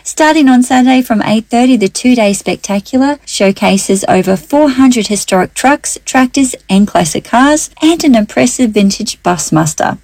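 An Australian woman reads a local radio news bulletin in a measured, formal manner. Her voice sits fairly high, and the studio sound is dry and close. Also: expressive, a little mellow, no echo.

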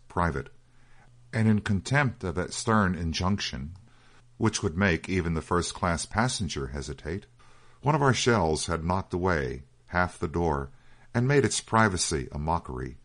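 A man narrating a written story in a measured, steady storytelling reading. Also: low-pitched. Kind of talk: scripted audiobook narration.

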